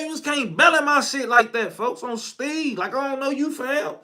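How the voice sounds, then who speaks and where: A man telling a casual story, slang-heavy and profane, jumping from shouted outbursts to low mumbled asides. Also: normal speed, hardly any pauses.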